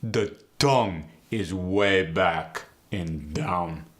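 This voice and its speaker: A man from Jordan with a Jordanian Arabic accent, giving deliberate, evenly stressed pronunciation instructions as a guest demonstrator. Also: low-pitched, fairly bright tone.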